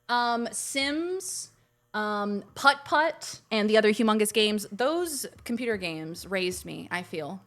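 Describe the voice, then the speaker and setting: Hosting a casual game stream live, a young woman chats with viewers in a bubbly manner and gushes over greetings. Her mid-range voice has lively intonation, a moderate pace, and a bit of brightness.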